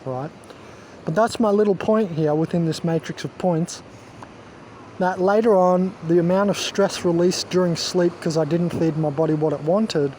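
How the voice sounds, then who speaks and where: Preachy self-assured man, mellow voice. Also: a little high, a little hiss or hum. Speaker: wellness vlogger. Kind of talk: rambling monologue to camera.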